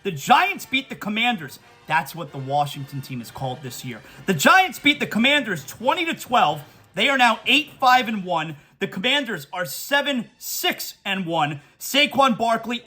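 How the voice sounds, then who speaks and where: A male sports talk host with a high, bright voice. He runs through results and then vents with emphatic, animated fan energy. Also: moderate pace, soft background music.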